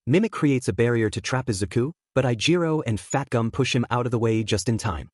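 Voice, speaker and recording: A man reading fan fiction aloud as a narrator, with lively storytelling intonation. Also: medium pitch, a little fast, no echo, studio quality.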